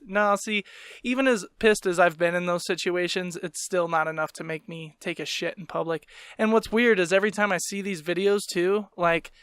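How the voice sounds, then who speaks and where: A man's voice: sits high, a bit bright, clean tone, no echo, studio quality. A man hosting a podcast, who is also a stand-up comedian, rants in a casual, profane, comic way and breaks into laughing asides.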